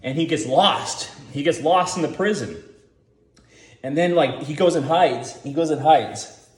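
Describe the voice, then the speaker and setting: A man's voice: fairly high pitch, animated, unhurried, roomy sound. A man giving rambling, profane casual commentary, full of filler words, as the host.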